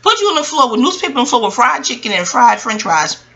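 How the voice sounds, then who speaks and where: This woman, a fast talker with a slightly high voice, is a book reviewer in her forties from New York who meanders through a cursing, animated account of her childhood and a book, full of asides. The recording has its highs cut off.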